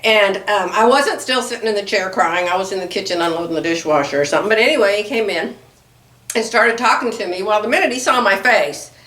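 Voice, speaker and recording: A middle-aged woman vlogger chatting to her viewers about sewing, telling a story in an animated way and laughing often. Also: mid-range voice, fairly quick, far from the mic. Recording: echoey room.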